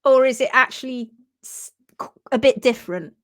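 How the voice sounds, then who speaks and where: A hoof trimmer chatting casually on a live stream, her voice slightly high. She laughs often and reads viewers' comments aloud in a playful tone. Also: normal speed, a bit bright.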